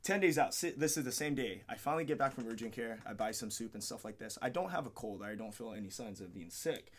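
Speaking quickly in a slightly rough, expressive voice of medium pitch, this MMA fighter tells a podcast interviewer a long personal tale. He rambles candidly, swears frequently, and acts out the things people said.

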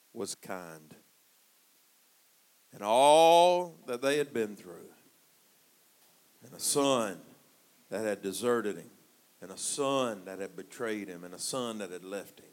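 Smooth-voiced preacher calling to his congregation. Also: lowish voice, no room sound. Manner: impassioned preaching that calls out to the congregation for responses; swings between hushed, drawn-out lines and loud emphatic peaks. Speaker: pastor. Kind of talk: sermon. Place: church.

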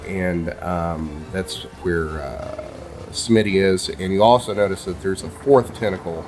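A man narrating a tabletop game as game master, halting, with many ums and uhs. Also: low-pitched, music in the background.

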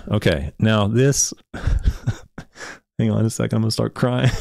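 A man's voice: on the low side, slow, creaky, pauses often, a little mellow, no echo, clean studio sound. A man hosting a podcast, reading a research paper aloud and critiquing it with insistent emphasis and bursts of giggling. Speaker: podcast host reviewing turf research.

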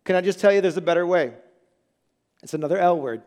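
High-voiced man preaching in a church hall. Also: fast, darkish tone. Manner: emphatic, repeats key phrases, checks in with "okay?". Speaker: pastor. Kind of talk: sermon. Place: church sanctuary. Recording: long reverb in a church hall with music.

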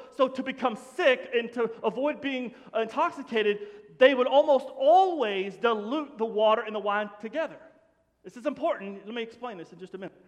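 A man preaching a sermon to his congregation in an animated, conversational way, often dropping to a hush. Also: extremely high pitch. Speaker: pastor. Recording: long hall reverb.

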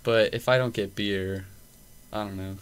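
A man's voice: on the low side, steady tone, unhurried, smooth. A young man hosting a podcast, telling a loose, profane story full of fillers in casual chat. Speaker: podcast host. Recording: faint background noise.

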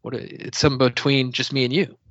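A man from Texas co-hosting a podcast in casual chat, animated, playful and jokey. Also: medium pitch, quick pace, no room sound. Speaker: podcast co-host. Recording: dry, muffled lo-fi audio.

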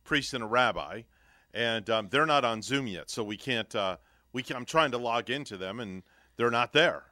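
A man's voice: medium pitch, expressive, normal speed, bright, forceful tone, no echo, studio quality. A man co-hosting a radio morning show in casual on-air chat, rambling with lots of fillers and restarts.

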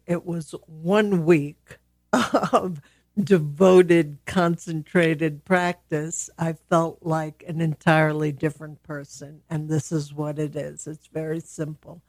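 Slow, low-voiced woman, gentle. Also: no room sound, clean studio sound. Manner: slow, gentle, with long pauses. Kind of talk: reflective spiritual podcast talk.

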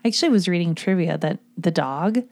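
Blunt, giggly woman with a low voice. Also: animated, a little fast, darkish tone. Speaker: podcast co-host. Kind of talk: casual chat.

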